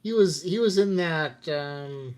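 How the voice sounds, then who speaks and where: A woman co-hosting a casual podcast chat, teasing and cutting in with deadpan jokes. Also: sits low, slow. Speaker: podcast co-host.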